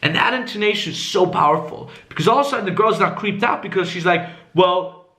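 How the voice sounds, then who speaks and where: Animated man coaching with lively pitch. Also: fast. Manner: animated, acts out tones with swooping high squeaks, swears freely. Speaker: dating coach. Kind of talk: casual coaching talk.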